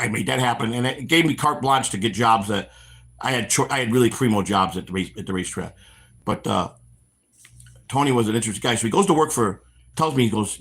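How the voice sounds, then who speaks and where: A middle-aged man from the Chicago area with a husky, slightly rough voice rattles off stories at a quick clip. He hosts a walk-and-talk stream outdoors, restarting sentences often and slipping into the voices of the people in his tales. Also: medium pitch. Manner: animated storyteller, acts out quoted voices, frequent restarts. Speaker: stream host.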